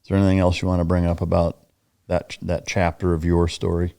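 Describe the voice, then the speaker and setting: A man with a very deep, dark, mellow voice hosts a podcast. He puts casual, laid-back questions to his guest and drops the odd swear word. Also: monotone, fast, creaky, smooth. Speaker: podcast host. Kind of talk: interview questions.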